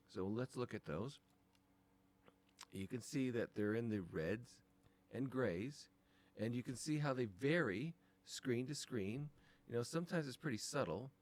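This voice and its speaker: A man teaching design, talking through files on a screen capture in a casual, thinking-aloud way with many ums. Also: medium pitch. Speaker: design instructor.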